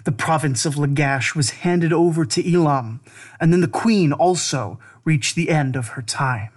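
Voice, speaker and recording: Grave man reciting an ancient lament. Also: a little high. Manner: measured, grave, deliberate. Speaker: narrator.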